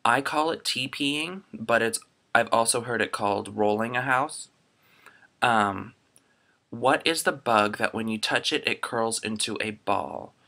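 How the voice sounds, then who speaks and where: A man's voice: medium pitch, unhurried, gravelly, pushed and bright. A young man from Florida chatting casually through a dialect survey into his laptop webcam, rambling with lots of ums. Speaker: vlogger.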